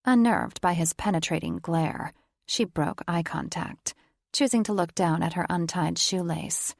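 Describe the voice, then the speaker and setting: A woman narrating a romance audiobook with a gravelly, fry-edged voice pitched a little low. Her delivery is measured and even. The sound is close and dry. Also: no echo. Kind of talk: scripted narration.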